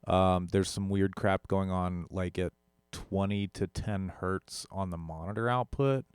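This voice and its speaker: A man's voice: low-pitched, steady tone, measured pace. A young man, a musician, casually talking through an audio gear comparison, rambling and correcting himself as he goes. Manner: rambling, self-correcting, with frequent fillers. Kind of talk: casual tech demo talk.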